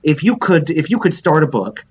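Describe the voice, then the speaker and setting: A man's voice: a little high, big pitch swings, moderate pace, a little mellow, husky, dull audio. A man in casual podcast chat who talks in circles, hesitant and full of restarts. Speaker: podcast guest writer.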